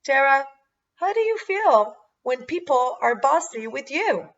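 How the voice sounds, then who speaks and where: A woman voicing a kind, patient preschool teacher who asks gentle, coaxing questions, on a dull lo-fi recording. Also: high voice, sing-song, a little slow, pitched above the performer's own voice, exaggerated voice. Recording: dull lo-fi sound.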